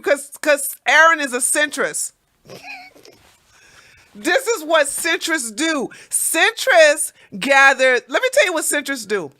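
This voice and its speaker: A high-pitched woman hosts a casual livestream, reading chat comments and telling animated stories. She laughs frequently and repeats words.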